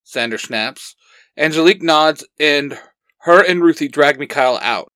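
A man's voice: on the high side, measured pace, pushed and bright, no echo. Man reading a fan story aloud. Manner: earnest storytelling, acting out dialogue.

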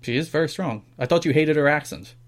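A man co-hosting a podcast in casual chat, talking in an animated, mocking way and often laughing. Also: on the high side, fast. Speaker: podcast co-host.

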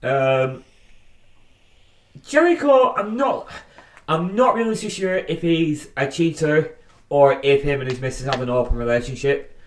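A man co-hosting a podcast, swearing freely and giving animated opinions with frequent restarts. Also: on the high side, unhurried, long pauses. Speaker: podcast co-host. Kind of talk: casual podcast chat. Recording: roomy echo.

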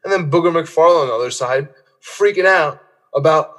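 A man's voice: fairly high pitch, fairly quick, a bit bright. A man hosting a casual sports podcast. He rants in an exasperated way and fills his talk with "like.". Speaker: podcast host.

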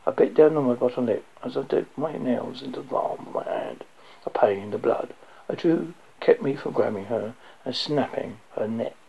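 A man reading a dark first-person story aloud, low and intense, sometimes dropping to a whisper. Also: normal speed, creaky, breathy edge. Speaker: audiobook narrator. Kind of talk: first-person audiobook narration. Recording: dull lo-fi recording.

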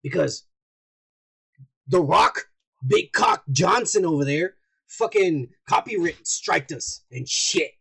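A man hosting a podcast, telling crude stories loudly in profane casual banter. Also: a little high, lively intonation, slow, vocal fry, long pauses, slightly rough. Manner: loud, crude storytelling. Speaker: podcast host.

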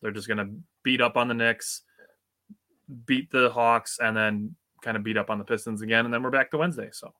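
A man's voice: medium pitch, steady tone, a little fast, pushed and bright. A young man from Wisconsin co-hosting a sports podcast, chatting in a laid-back way and often saying "dude" and "like.". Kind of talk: casual chat.

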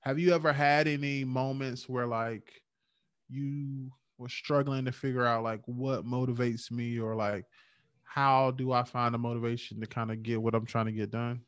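A man co-hosting a podcast in casual chat, speaking in a measured, reflective way. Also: mid-range voice, steady tone, smooth, dry recording, studio quality. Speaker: podcast co-host.

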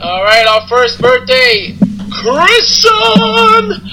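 A man co-hosting a casual wrestling podcast, reading out news in a relaxed, enthusiastic way. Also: extremely high pitch, brisk, noisy background. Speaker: podcast co-host.

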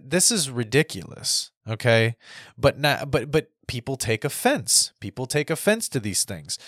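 A man in his thirties talks through a casual podcast monologue, circling back and repeating his points with many restarts. His voice sits at a middle pitch. The sound is dry, with no room echo. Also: a bit bright. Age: 30s. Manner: rambling, repeats himself, frequent restarts. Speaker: podcast host.

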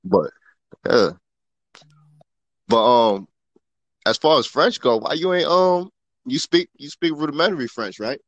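A man's voice: mid-range voice, lively intonation, measured pace, long pauses, no room sound, lo-fi sound. A man chatting casually in a laid-back, slangy way, often asking "you know what I mean". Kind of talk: casual chat.

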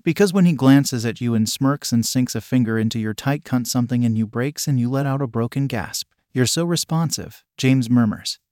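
A man narrating a second-person adult audio story in a soft, intimate way. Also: medium pitch, a little fast, hardly any pauses, no room sound, studio quality.

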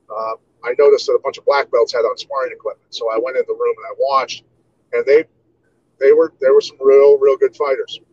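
A relaxed man in his fifties from Iowa tells long stories as an interview guest and leans on "you know" often. His voice sits at a middle pitch. The recording is dull and lo-fi, with a faint hiss underneath. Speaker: guest, martial artist. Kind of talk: casual interview storytelling.

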